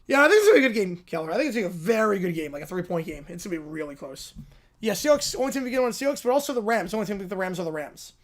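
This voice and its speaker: A live stream host chatting in a reaction stream, quickly reading out viewer questions and answering them. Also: mid-range voice, very animated. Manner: rapid, reads out viewer questions.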